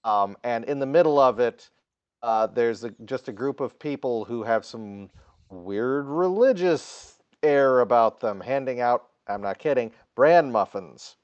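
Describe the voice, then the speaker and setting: A man's voice: mid-range voice, unhurried, a little mellow, clear, resonant tone, no room sound. A man co-hosting a podcast, describing a film in dry, matter-of-fact casual chat. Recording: dull lo-fi mic.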